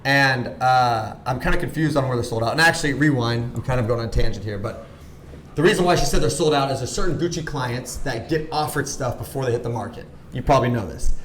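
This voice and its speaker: A man in his thirties telling a story on a podcast as a guest, animated and full of "like", acting out the voices of people he quotes. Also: mid-range voice, fast, reverberant, a little hiss or hum. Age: 30s. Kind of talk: casual storytelling chat.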